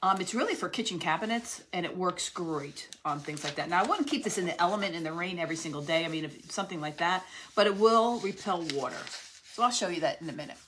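A woman's voice: fairly low pitch, animated, fast talker, a bit bright, slight background noise. A woman hosting a live crafting demonstration, chatting casually with viewers while she works. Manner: chatty, friendly, talks while working. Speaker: craft channel host.

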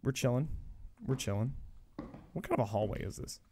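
A streamer provides live commentary on a horror game in a medium-pitched, very animated, brisk voice. Panicky and swearing, they mutter reassurances to themself over noisy game ambience.

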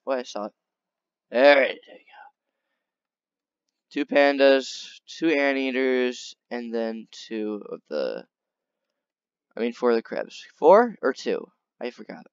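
A man chatting through a video game in a casual, excitable way, often talking straight to the creatures on screen. His voice swings widely up and down in pitch. The sound is dry and a little dull, like a simple home setup. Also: slow, pauses often, clean tone, no echo. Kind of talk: casual gameplay commentary.

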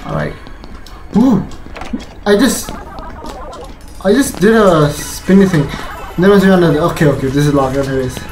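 A man giving rambling, excitable commentary over his gameplay. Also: fairly high pitch, faint music behind, rough recording. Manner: excitable, rambling, fast bursts. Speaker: gaming YouTuber. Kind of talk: let's play commentary.

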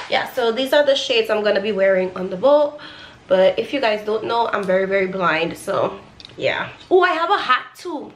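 A young woman chatting casually to her phone camera for a travel vlog, expressive and full of slang. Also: medium pitch, normal speed, a little hiss or hum, poor audio. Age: young adult. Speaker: vlogger. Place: outdoors at a harbor.

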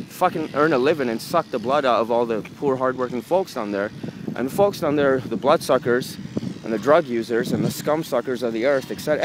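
A man, ranting to the camera in a rambling, profane, casual way while outdoors in a city. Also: mid-range voice. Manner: profane, rambling, lively delivery. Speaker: vlogger. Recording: street noise behind.

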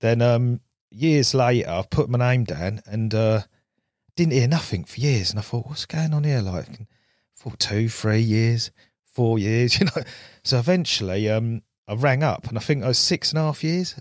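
A man's voice: medium pitch, expressive, moderate pace, dry recording, clean studio sound. A man, a guest on a podcast, telling stories in casual chat and laughing often. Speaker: guest angler. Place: podcast studio.

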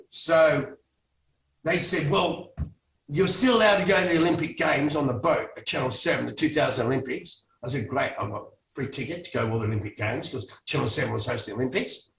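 Casting note: man, rambling storyteller, slightly high voice, echoey room, mic at a distance. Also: fairly quick, gravelly, a bit bright, slight background noise. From Australia. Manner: rambling, frequent restarts, swears for emphasis. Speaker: guest, former soap actor. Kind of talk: casual storytelling interview.

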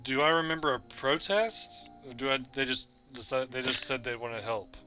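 A man's voice: medium pitch, moderate pace, pushed and bright, lo-fi sound, soft background music. A man playing a tabletop game, talking casually while bargaining in character. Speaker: player. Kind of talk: casual tabletop role-play.

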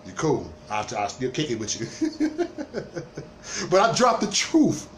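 A man's voice: on the high side, wildly swooping pitch, takes it slowly, slight background noise. A man hosting a livestream, delivering an emphatic, repetitive rant to viewers, stumbling into stammered restarts as he goes. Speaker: livestream host. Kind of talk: ranting livestream monologue.

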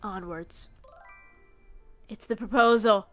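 A woman's voice: mid-range voice, slow pace, a bit bright, faint music behind. A young woman streaming a game live, playful and dramatic, swinging from mock-solemn to giddy squeals.

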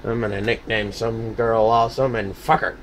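A man's voice: lowish voice, flat delivery, normal speed, a little hiss or hum. A man vlogging in a casual, rambling way, sarcastic and full of cussing and self-mockery. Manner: sarcastic, profane, self-mocking.

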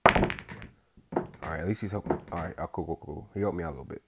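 A young man giving casual gameplay commentary, using slang and swinging between hushed focus and loud outbursts. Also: low voice, fairly quick, creaky, slight background noise. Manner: casual slang, says bro and y'all. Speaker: gaming YouTuber.

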